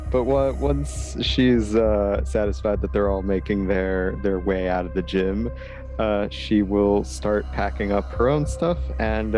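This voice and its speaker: A man playing a tabletop game, speaking haltingly and thoughtfully, describing his character. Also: on the low side, a little mellow. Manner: halting, thoughtful, full of fillers. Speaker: player. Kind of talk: tabletop role-play.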